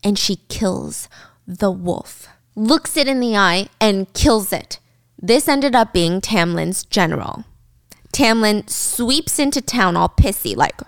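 A woman's voice: a little high, a little slow, clear, resonant tone, no room sound, clean studio sound. A young woman in casual chat, animatedly retelling a book's plot and slipping into quoted lines. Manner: animated storyteller, slips into character quotes. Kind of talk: casual book recap chat.

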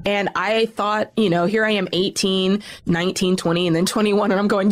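A woman guest telling a personal story in an interview, emphatic and animated. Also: mid-range voice, a little slow.

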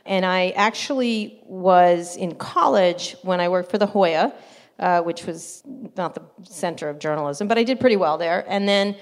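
A middle-aged woman journalist, a guest in an interview, telling lively stories, acting out quotes with laughing asides. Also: on the low side, normal speed. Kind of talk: casual storytelling interview.

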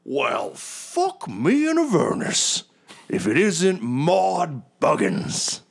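A man's voice: a little high, wildly swooping pitch, extremely slow, vocal fry, pitched above the performer's own voice, exaggerated voice. A man voicing a boisterous, huge male Viking-like adventurer with crude, mocking bravado.

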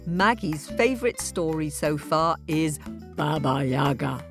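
A woman hosting a children's story podcast, greeting young listeners in an expressive way. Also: deep voice, a little slow, music in the background. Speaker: podcast host.

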